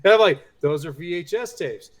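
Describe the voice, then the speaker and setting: Slightly high-voiced chatty middle-aged man. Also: normal speed. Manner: chatty anecdote teller, relaxed. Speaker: podcast co-host. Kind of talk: casual chat.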